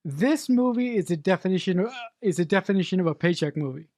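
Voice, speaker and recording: A woman's voice: lowish voice, lively intonation, fast, a little mellow, no echo. A woman co-hosting a podcast in casual chat, blunt and exasperated, swearing freely. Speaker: podcast co-host. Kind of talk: casual movie review chat.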